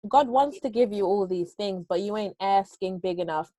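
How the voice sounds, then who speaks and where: A woman's voice: mid-range voice, moderate pace, dark tone, dry recording, low-quality recording. A woman co-hosting a team call, preaching about asking big in a scolding rhythm. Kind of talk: preachy motivational talk. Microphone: video call.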